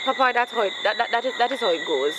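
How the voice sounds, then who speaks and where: A woman's voice: on the high side, expressive, fast talker, noisy background. A woman with a Jamaican accent, talking earnestly in a comedy sketch.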